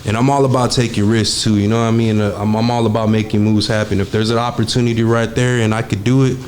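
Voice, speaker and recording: Young man, interview guest, low voice, flat delivery, laid-back street talk, faint background noise. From Texas. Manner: laid-back, streetwise, swears freely, many fillers. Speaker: guest, studio engineer. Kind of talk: casual storytelling interview.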